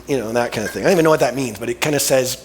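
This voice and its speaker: A man's voice: mid-range voice, rapid-fire, long reverb tail, a little hiss or hum. A male pastor preaching a sermon in a casual, colloquial storytelling way, full of vivid everyday asides. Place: church sanctuary.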